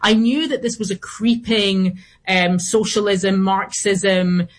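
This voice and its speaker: A woman's voice: medium pitch, steady tone, takes it slowly, a little hiss or hum. A woman being interviewed as a guest commentator, speaking earnestly with some restarts. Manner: earnest, with frequent restarts and fillers.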